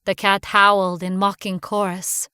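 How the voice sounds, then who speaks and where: Slow, measured woman narrating horror. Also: medium pitch, level tone, pushed and bright, smooth, no room sound, studio quality.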